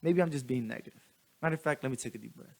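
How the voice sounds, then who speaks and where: A young man vlogging, venting in a rambling, animated way and restarting his sentences often. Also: mid-range voice, very fast, gravelly. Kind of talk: casual venting monologue.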